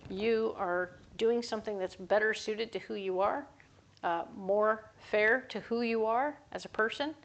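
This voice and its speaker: A woman's voice: medium pitch, a little slow, highs cut off. A woman giving a casual, upbeat tarot reading to camera, chatty and often correcting herself mid-sentence. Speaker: tarot reader.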